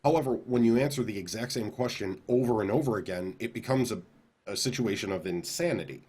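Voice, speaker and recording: A man's voice: lowish voice, fairly quick, a little mellow, slightly rough. A man co-hosting a podcast, talking casually and rambling, repeating words as he builds his points. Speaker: podcast co-host.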